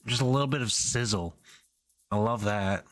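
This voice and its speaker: Low-voiced man musing while composing. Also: moderate pace, no echo, clean studio sound. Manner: muttering, hesitant, talks to himself. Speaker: composer streaming a music session. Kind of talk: casual thinking aloud while composing. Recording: music playing faintly behind.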